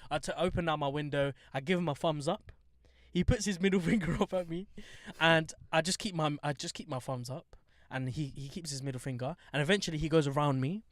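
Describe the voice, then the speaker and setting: A young man with a London accent, co-hosting a podcast and telling a story in lively casual chat, acting out other people in high voices. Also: brisk, dry recording, clean studio sound. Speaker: podcast co-host. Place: studio.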